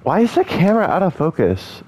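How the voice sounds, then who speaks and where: A man's voice: sits high, wildly swooping pitch, fairly quick, darkish tone, slight background noise. A man hosting a let's play who gives casual, chatty gameplay commentary, mocks himself and swears. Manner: chatty, self-mocking, swears.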